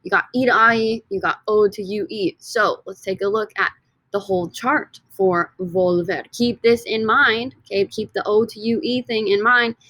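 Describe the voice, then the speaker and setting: A woman's voice: mid-range voice, normal speed, fairly bright tone, no room sound. Woman teacher voice, upbeat recorded lesson, dry close sound. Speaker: Spanish teacher.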